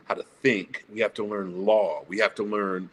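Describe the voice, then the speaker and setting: A man's voice: fairly low pitch, steady tone, moderate pace, a little hiss or hum. A blunt, profane man speaking emphatically as a guest on a casual panel talk show.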